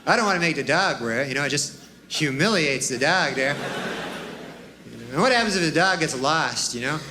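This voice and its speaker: A man's voice: fairly high pitch, animated, normal speed. A man performing stand-up comedy on stage, with a rambling, dry delivery full of "you know" and "huh" tags. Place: stage before a live audience. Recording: live club recording with audience laughter and noise.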